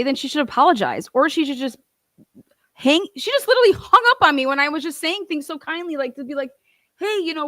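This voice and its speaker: Heated young woman, storytime rant, lots of swearing, dry high voice. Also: a bit bright, no room sound. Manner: profane, heated ranting with laughs. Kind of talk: ranting storytime.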